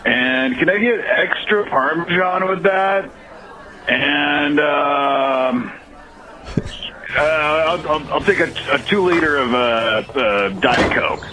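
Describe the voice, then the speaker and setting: A man's voice: slow, a crowd in the background, rough recording. A man voicing a hesitant, stammering caller who has dialed the wrong number to order pizza. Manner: hesitant, stammering, drops to a low suggestive voice. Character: clueless male caller ordering pizza, suggestive.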